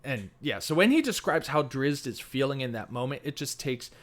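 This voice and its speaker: A man's voice: mid-range voice, big pitch swings, normal speed, a bit bright. A man co-hosting a book podcast, talking animatedly with lots of fillers and laughter. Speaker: podcast co-host. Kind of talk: casual book discussion.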